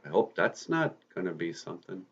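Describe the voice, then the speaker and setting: A man playing an eager teenage boy hero, speaking in excited, earnest exclamations. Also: low voice, brisk, creaky, husky, dull audio, exaggerated voice.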